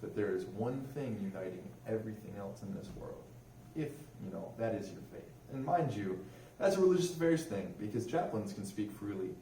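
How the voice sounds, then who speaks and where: A chatty airman tells a history story to a room full of listeners, asking them questions as he goes. His voice sits at an ordinary pitch. He sounds a little distant in a roomy hall, with faint noise underneath. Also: expressive, a little fast, hardly any pauses, dark tone. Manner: chatty, asks the audience questions. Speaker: religious affairs airman giving a talk. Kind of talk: informal history talk to a museum audience. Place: museum room.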